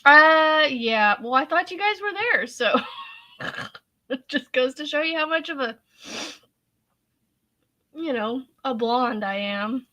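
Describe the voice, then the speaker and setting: Chatty woman host with a high, bright voice, giggling through tears, calls everyone y'all. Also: animated, slow, pauses often. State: laughing to tears. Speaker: crochet livestream host. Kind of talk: casual livestream chat.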